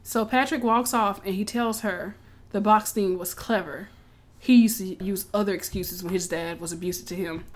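A woman recapping a show in casual, animated storytelling, swearing freely and acting out the characters' lines. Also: medium pitch, normal speed. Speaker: podcast co-host recapping a show.

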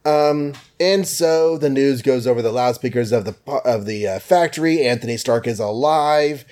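A man co-hosting a podcast, casually recapping an old comic book with jokes and quick quoted voices. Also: medium pitch, darkish tone. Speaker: podcast co-host.

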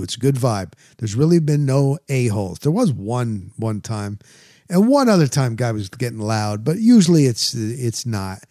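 A man's voice: mid-range voice, no room sound, studio quality. A male radio host telling a casual bar story, acting out the quoted voices of the people in it. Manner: animated, acts out quoted voices.

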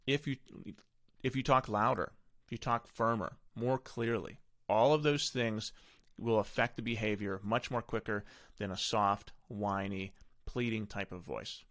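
A man's voice: mid-range voice, a bit bright, no room sound, clean studio sound. A middle-aged man hosting a podcast, giving casual, rambling parenting advice full of self-corrections. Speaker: podcast host.

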